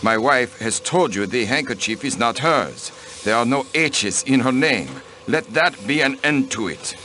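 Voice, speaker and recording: An actor playing a haughty count and diplomat in a mystery video game, cold, formal and dismissive. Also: male voice, mid-range voice, expressive, unhurried, pushed and bright, a little hiss or hum. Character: haughty aristocratic male diplomat, protective husband.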